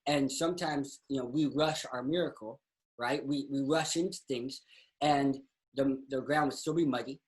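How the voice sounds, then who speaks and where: A man's voice: mid-range voice, moderate pace, low-quality recording. A man speaks as a guest preacher recounting his own struggle. He tells it conversationally and with animation, and he slips into other people's voices as the story unfolds. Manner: animated storyteller who acts out dialogue. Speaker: guest, pastor and singer. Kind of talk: personal faith story, conversational.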